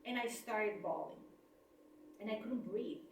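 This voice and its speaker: A middle-aged woman telling a personal story about layoffs, expressive, laughing often and acting out the dialogue. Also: mid-range voice, a little slow, a little hiss or hum. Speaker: speaker on layoffs. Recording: echoey room, voice from a distance.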